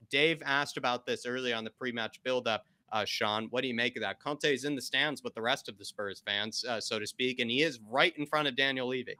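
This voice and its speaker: Bright-voiced man hosting a watchalong. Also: medium pitch, steady tone, no echo. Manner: measured, conversational, reads viewer messages aloud. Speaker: host of a fan watchalong. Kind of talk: live match chat reading super chats.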